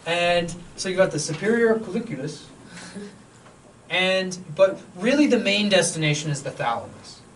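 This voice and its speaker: A man's voice: sits high, lively intonation, normal speed, a bit bright. A man giving a casual, joking university lecture in a lecture hall who often checks in with his students. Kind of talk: classroom lecture. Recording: distant mic with faint room hum.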